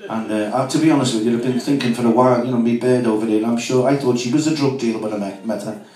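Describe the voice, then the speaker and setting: A man's voice: mid-range voice, steady tone, a little mellow. A man from Merseyside with a Liverpool accent doing a stand-up comedy set, firing off jokes with lots of "you know" fillers. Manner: rapid joke delivery with many "you know" fillers. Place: club room with live audience. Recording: echoey room, distant mic.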